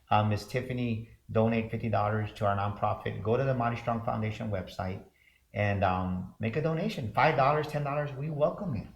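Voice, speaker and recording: A man's voice: mid-range voice, highs cut off, slight background noise. A man co-hosting a motivational talk show, speaking fervently with repeated, preacher-like build-ups. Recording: roomy echo.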